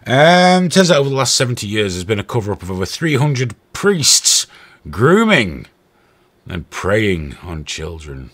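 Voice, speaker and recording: A man's voice: low voice, fairly bright tone. A man hosting a stream with angry, profane, sarcastic ranting commentary. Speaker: host.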